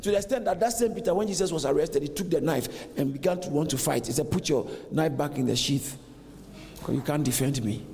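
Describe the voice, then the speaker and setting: A man's voice: fairly high pitch, fairly quick, creaky, mellow, slight background noise. A man preaching a sermon as a pastor, acting out dialogue with animation. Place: church hall. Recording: long reverb in a large hall.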